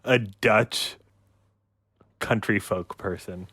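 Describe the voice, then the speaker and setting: A man's voice: lowish voice, drawn-out words, fairly bright tone, slightly rough, dry recording. A man co-hosting a podcast, hedging with lots of "like" and "um" and a dry sense of humor. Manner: hesitant, full of likes and ums, dry humor. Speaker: podcast co-host. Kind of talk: casual banter.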